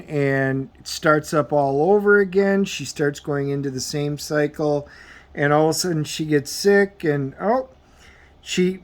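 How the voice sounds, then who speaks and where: A man giving a casual comic book review as he flips through the pages, rambling and halting with plenty of filler words. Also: a little high. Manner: rambling, halting, full of um and you know.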